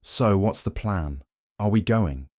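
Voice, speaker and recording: Honest cheery male ex-soldier, voiced by a man, hearty, straightforward, brighter and higher than the narrator. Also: animated, slow, no room sound, studio quality.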